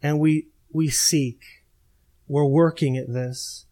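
A man's voice: on the high side, fairly even intonation, takes it slowly, dark tone. A middle-aged male pastor preaching a sermon to his congregation, with emphatic, repeating phrases and a direct, pleading manner. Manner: emphatic, repetitive preaching cadence.

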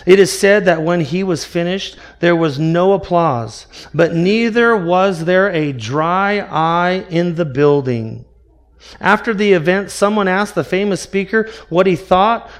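A man preaching a sermon as pastor, earnest and full of rhetorical questions. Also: high voice.

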